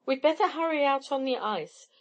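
A woman's voice: high voice, animated, normal speed, dull audio, voice pushed up. A woman voicing a wily older schoolgirl who speaks hastily and slightingly. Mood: dismissive. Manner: hasty, slighting. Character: scheming, dismissive older schoolgirl.

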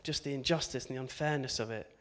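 A man's voice: medium pitch, quick pace, a bit bright. Chatty man preaching a sermon. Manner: conversational, chatty, with asides and tag questions. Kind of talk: informal sermon.

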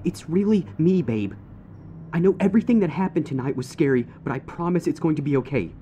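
A man's voice: a little high, lively intonation, fairly quick, mellow, slight background noise, pitched above the performer's own voice, natural voice. A man voicing a monster that pretends to be a young stallion boyfriend and talks in a coaxing, pleading way. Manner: pleading, then threatening.

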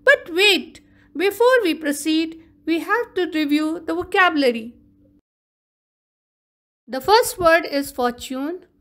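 A woman teacher with a high, fairly bright voice gives an online lesson. She goes slowly, carefully explaining what vocabulary words mean.

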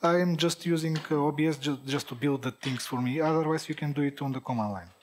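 A man answering audience questions at a tech conference, halting, with many fillers and restarts, a native Bulgarian speaker. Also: a little high, darkish tone, slight background noise.

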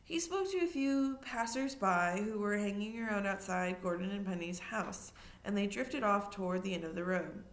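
A woman reading a children's novel aloud in a mid-pitched voice. Her narration is steady and unhurried, and she now and then stops to remind her listeners of something. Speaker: reader.

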